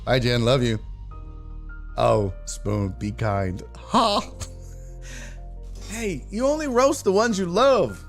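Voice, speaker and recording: Sports stream guy, kinda hoarse, cussing and laughing a lot, voice jumps all over the place. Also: fairly high pitch, animated, takes it slowly, long pauses, soft background music. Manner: profane, joking, laughs often. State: sounds rough, a bit hoarse. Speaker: sports talk show host. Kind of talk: casual live-stream chat, reading viewer comments aloud.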